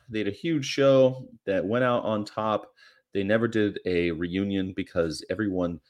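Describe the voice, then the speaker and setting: A man vlogging in a casual, rambling monologue with offhand, crude, jokey asides. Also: fairly low pitch.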